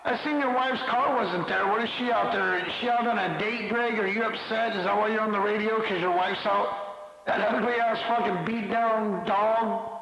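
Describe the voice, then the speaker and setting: A high-voiced man needles another caller over a CB radio channel, repeating profane taunts and digs. His voice comes through echoey and hollow, as if in a big reverberant space, with a loud hiss of static under it. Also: steady tone, moderate pace, gravelly, muffled recording. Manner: mocking, profane, repeats jabs. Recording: echoey noisy CB radio transmission.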